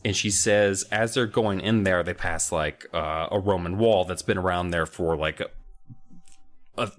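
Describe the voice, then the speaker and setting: A man's voice: low-pitched, a bit bright. A man co-hosting a podcast, casually and comically recapping a book with lots of rambling asides. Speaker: podcast co-host.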